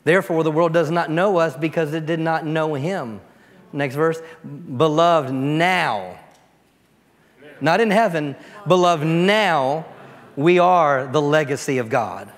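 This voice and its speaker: A pastor giving a storytelling sermon, dropping to a soft, quiet voice when he prays. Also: fairly high pitch, a little slow. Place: church sanctuary. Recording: long church reverb.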